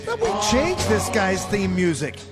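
A man's voice: high voice, huge pitch swings, normal speed, loud music behind the voice. A man co-hosting a sports talk radio show in the studio, playful and teasing.

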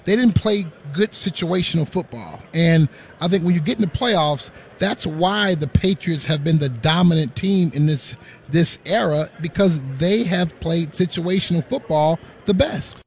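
A man, a former football player, giving steady, earnest analysis in an interview clip. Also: fairly high pitch, measured pace, a little hiss or hum.

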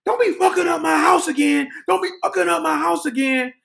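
A man voicing a fed-up woman who shouts and scolds everyone about her house. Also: very high-pitched, a little fast, vocal fry, voice pushed up, full character voice. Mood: scolding.

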